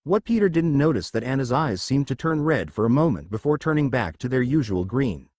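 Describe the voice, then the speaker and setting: Man narrating a lively story. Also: mid-range voice, fairly quick, dry recording. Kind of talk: reading fan fiction aloud.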